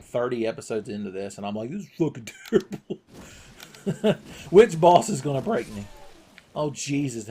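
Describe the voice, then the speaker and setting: A man's voice: medium pitch, darkish tone, a little hiss or hum. A man commentating his video game play with crude, sarcastic jokes. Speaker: gaming channel host.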